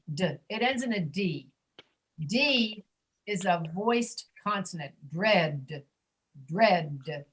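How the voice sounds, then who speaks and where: Lady teaching pronunciation on a video call, says each word slow and stretched out. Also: mid-range voice, a bit bright, rough recording. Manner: slow, drawn-out modeling of sounds. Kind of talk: online class teaching.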